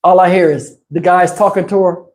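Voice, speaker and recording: A man spinning a story on a live stream, animated and full of profanity. He keeps the talk loose and casual, breaking into laughing asides. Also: sits high, brisk. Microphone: wireless lapel mic.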